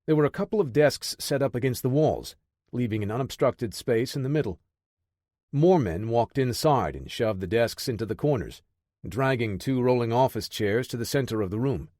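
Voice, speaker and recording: A male narrator reads an action thriller audiobook with a mid-range voice, keeping his pacing steady and measured. The sound is dry and close, with no room sound or echo.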